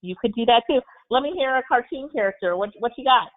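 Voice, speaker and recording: Quick and lively in intonation, this woman's fairly high voice leads a live coaching Q&A over video. She stays upbeat and motivational, though the webinar sound is tinny and phone-like.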